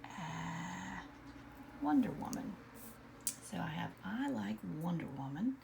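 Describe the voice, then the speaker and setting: A woman teaching an early-grade writing lesson, slowly sounding out letters and words in a soft, often whispered voice. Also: on the low side, lively intonation, gravelly, noisy background. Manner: slow, patient, sounding out letters.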